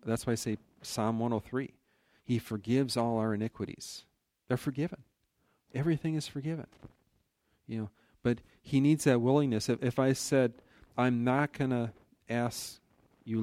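A preacher teaches from the Bible in a conversational, earnest manner, often restarting sentences and adding "you know." His medium-pitched voice is a little mellow, with no echo.

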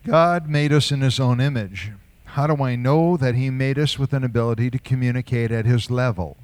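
A man's voice: medium pitch, moderate pace, darkish tone, no room sound. Older guy preaching, chatty, lots of questions to the crowd, dry close sound, mid voice. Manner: conversational preaching, asks many rhetorical questions, chuckles often. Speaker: pastor. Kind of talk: sermon.

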